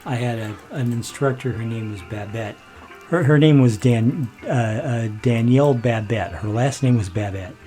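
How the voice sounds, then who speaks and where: Male gameplay commentator, mid-pitched, telling long anecdotes with chuckles over quiet music. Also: moderate pace. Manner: rambling, chuckling, restarts, quotes others. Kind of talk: casual storytelling while playing.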